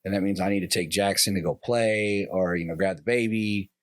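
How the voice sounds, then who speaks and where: A man's voice: low-pitched, fairly even intonation, brisk, no echo. A man appearing as a guest on a podcast, rambling about his own habits and acting out remembered conversations with his wife in casual talk. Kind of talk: casual conversation, personal reflection.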